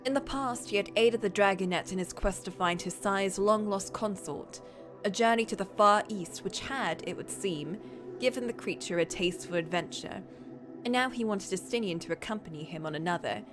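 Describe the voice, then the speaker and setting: A woman's voice: medium pitch, normal speed, music in the background. A woman streamer reading a story aloud in a casual way, with playful, chatty asides.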